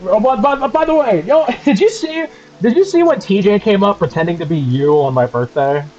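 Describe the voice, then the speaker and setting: Brief: male streamer, lively swooping pitch, crude mocking banter, dull lo-fi sound with faint music. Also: a little fast. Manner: animated, profane, mocking. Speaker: streamer co-host. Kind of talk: casual stream commentary.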